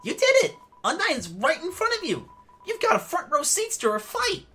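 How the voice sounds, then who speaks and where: A man voicing an excited young monster kid in a video game, with a squeaky, hyper delivery. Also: moderate pace, soft background music, heavily acted.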